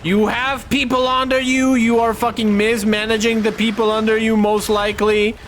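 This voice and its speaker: A man's voice: high-pitched, flat delivery, moderate pace, a bit bright, a little hiss or hum. A male streamer chatting casually while he plays, rambling and swearing through his stories. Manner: rambling, profane storytelling. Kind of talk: casual chat while gaming.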